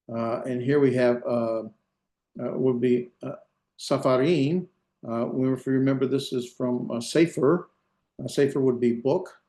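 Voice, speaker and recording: A middle-aged man lectures a grammar class at an ordinary pitch, stopping often to correct himself and fill pauses. His delivery is hesitant and self-deprecating. The recording carries a noticeable room echo. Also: mellow. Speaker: Hebrew instructor.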